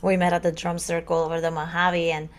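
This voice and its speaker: A woman's voice: on the low side, level tone, fairly quick. A woman co-hosting a casual spiritual podcast, talking earnestly and dramatically and sometimes acting out voices. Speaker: podcast co-host.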